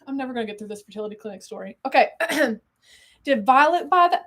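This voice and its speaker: A young woman with a high, bright-pitched voice chats on a live unboxing stream. She is excitable and rambling, swears casually and keeps drifting from one tangent to the next. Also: quick pace. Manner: excitable, rambling storyteller who swears freely and keeps getting sidetracked.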